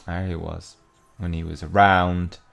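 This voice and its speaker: A man's voice: sits low, level tone, moderate pace, vocal fry, fairly bright tone. A young man casually commentating a mobile game he plays, chatting loosely and reading the in-game text aloud as he goes. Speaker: mobile game let's-play host.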